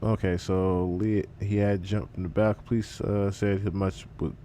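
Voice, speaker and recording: A man giving casual livestream commentary in an animated, profane way, often repeating himself. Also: low voice, unhurried, slight background noise.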